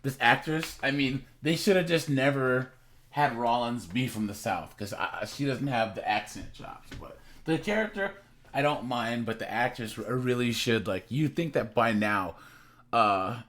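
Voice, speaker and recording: A man's voice: mid-range voice, unhurried, fairly bright tone. A man hosting a reaction channel, chatting casually and rambling, repeating words and laughing often.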